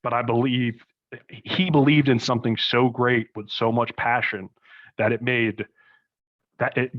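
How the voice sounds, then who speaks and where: A man's voice: mid-range voice, steady tone, measured pace. A young man, a podcast guest, rambling through casual stories with lots of fillers and asides. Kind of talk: casual conversation. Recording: slightly muffled recording.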